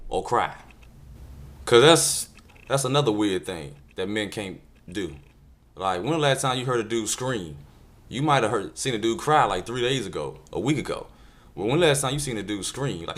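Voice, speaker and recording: A man delivering a jokey comedic video monologue, animated storytelling with deadpan asides. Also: fairly low pitch, moderate pace. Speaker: comedian vlogger.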